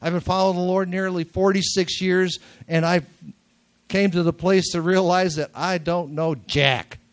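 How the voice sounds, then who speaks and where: A man's voice: high voice, fairly even intonation, normal speed. Older man preaching in a nasal voice. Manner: conversational, jokey, repeats key words for emphasis. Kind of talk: sermon. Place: church sanctuary.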